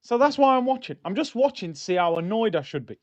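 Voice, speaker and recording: A man's voice: high-pitched, fast. A young man, chatting animatedly and exasperated with his live-stream audience before a football match. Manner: animated, exasperated banter with chat. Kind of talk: casual live-stream chat.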